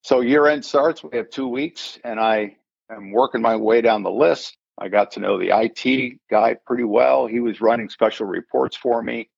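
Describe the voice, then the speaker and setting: A man's voice: mid-range voice, moderate pace, gravelly, slightly rough, no room sound. An older man, a retired forensic accountant, telling a story in an interview and acting out the voices of the people in it. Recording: dull lo-fi sound.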